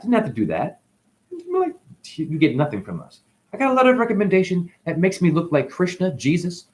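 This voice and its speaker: A man rambles on to camera in an animated, unscripted monologue, cursing as he goes. His pitch sits a little high and leaps around a lot, and he swings from loud outbursts to low mutters. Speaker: vlogger.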